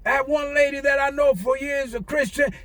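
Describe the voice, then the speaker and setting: Shouting high-voiced preacher man. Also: steady tone, moderate pace, no echo. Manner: shouting, taunting, preacher cadence. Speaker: online preacher. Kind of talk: fiery preaching rant.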